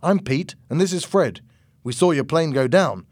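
A man voices a friendly coast guard rescuer in a storybook reading. The voice is bright and cheerful, pitched above the reader's own. The sound is dry and close. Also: lively intonation, normal speed, dry recording.

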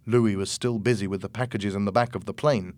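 A man narrating an audiobook chapter in a slow, measured, clear reading. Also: lowish voice, fairly even intonation, darkish tone, dry recording.

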